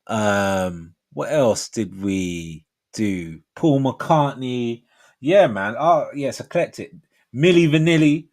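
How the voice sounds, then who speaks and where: Animated, slangy man in his forties. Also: mid-range voice, slow. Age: 40s. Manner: slangy, rambling and laughing often. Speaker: livestream host. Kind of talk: casual chat.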